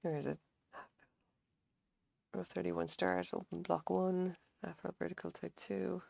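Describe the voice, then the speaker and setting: A woman's voice: lowish voice, steady tone, a little slow, vocal fry, no echo. A woman livestreaming her crochet work, chatting casually, swearing now and then, and muttering pattern notes to herself. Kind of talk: casual live-stream chat while crocheting.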